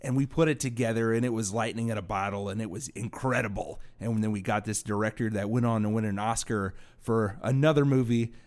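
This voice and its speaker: A man's voice: lowish voice, fairly quick, hardly any pauses, darkish tone. A man co-hosting a movie podcast, riffing sarcastically in casual chat. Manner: wry, sarcastic storytelling with mock impressions. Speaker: podcast co-host.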